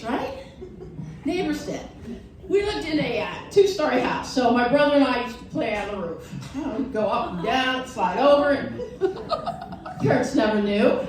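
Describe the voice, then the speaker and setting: A middle-aged woman from Wisconsin doing a stand-up comedy set, telling stories with mocking voices, in a venue with a live audience. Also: sits high. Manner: animated storytelling with mocking voices. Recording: roomy, distant mic, audience laughter.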